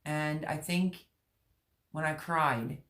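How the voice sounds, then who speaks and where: A middle-aged woman hosting a gardening channel, chatting candidly and emotionally with her viewers, rambling with many pauses. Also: deep voice, fairly even intonation, fairly bright tone. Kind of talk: personal vlog chat with live viewers.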